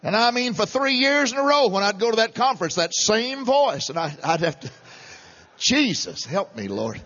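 A middle-aged man preaching a sermon, animated and chuckling between points. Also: extremely high pitch, fairly quick, in a large hall. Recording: dull lo-fi sermon recording.

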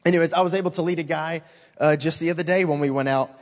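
A man's voice: a little high, quick pace. Earnest man testifying in a reverberant hall. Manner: earnest, excited, keeps saying "man". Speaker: church youth worker giving a testimony. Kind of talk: informal testimony to a congregation.

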